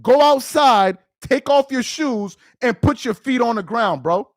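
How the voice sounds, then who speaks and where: A man's voice: extremely high pitch, expressive, measured pace, no echo, studio quality. A man from New York City with a New York accent, giving emphatic live-stream commentary that repeats its points and uses street slang. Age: adult with a child.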